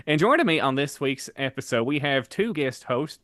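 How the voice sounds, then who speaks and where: Male co-host with a smooth tone, dry and close-miked, deadpan jokes. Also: medium pitch, normal speed, few pauses, no echo. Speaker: podcast co-host. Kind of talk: playful improvised podcast banter.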